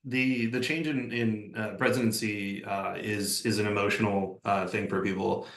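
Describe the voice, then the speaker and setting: A man's voice: lowish voice, fairly even intonation, moderate pace, fairly bright tone, echoey room. A man leading a real estate training session over a video call, talking casually and acting out sample phone messages. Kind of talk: live online training session.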